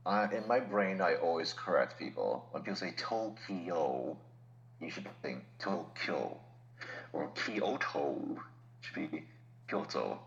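A man's voice: low voice, a bit bright, dull audio, slight background noise. A man talking as a podcast guest in casual chat, explaining things patiently with laughs and asides.

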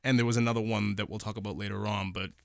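Low-voiced man musing on a TV series. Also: fairly even intonation, racing, gravelly, dry recording, studio quality. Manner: rambling, repeats phrases as he thinks aloud. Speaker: podcast co-host. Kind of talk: casual episode review chat.

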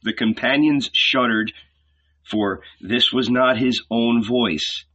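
A man reading a novel aloud in a measured, deliberate, dramatic way, on a dull lo-fi recording. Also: mid-range voice, steady tone, fairly bright tone. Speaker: audiobook reader.

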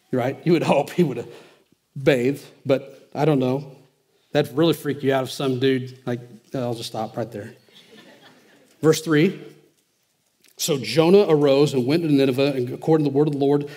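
A man preaching in a loose, slangy style with a voice set somewhat high for a man. He reads scripture in a quieter, lower register, then pushes higher and louder as his points build. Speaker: pastor. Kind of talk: sermon.

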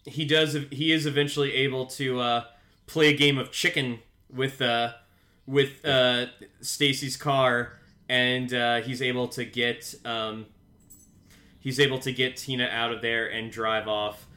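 A man's voice: mid-range voice, flat delivery, measured pace, bright, forceful tone. A man casually recapping a TV episode as a podcast co-host, rambling with many fillers and restarts, at home with his cat nearby. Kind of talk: casual show recap chat.

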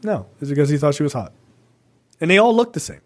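A man's voice: a little high, fast. A man co-hosting a podcast, talking politics casually in a profane, rambling way, tossing in lots of "right?". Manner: profane, animated, rambling with many "right?" asides. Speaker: podcast co-host.

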